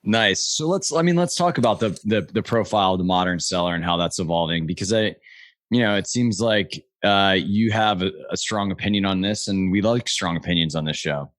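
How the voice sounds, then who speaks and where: A man hosting a podcast in a relaxed, conversational way, with hedging fillers. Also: low-pitched, brisk, no room sound. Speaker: podcast host. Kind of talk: casual chat.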